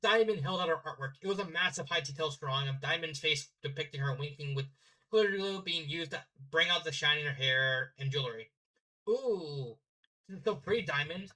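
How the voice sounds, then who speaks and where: A man's voice: fairly high pitch, brisk, sharp tone, poor audio. A young man casually reading fanfiction aloud, stumbling and correcting himself with chatty asides. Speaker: fanfiction reader.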